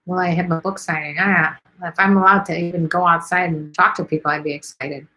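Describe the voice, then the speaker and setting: A middle-aged woman from Chicago answers viewer questions on a casual livestream. Her voice sits a little low, and she talks bluntly with lots of fillers. She is losing her voice and sounds hoarse. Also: fairly even intonation, brisk, bright, forceful tone, low-quality recording. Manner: chatty and blunt, with many fillers.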